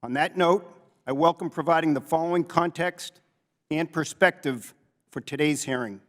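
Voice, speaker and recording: Man reading testimony in a reverberant hall. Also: on the high side. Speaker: financial analyst testifying as witness. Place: congressional hearing room. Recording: long reverb in a hearing room.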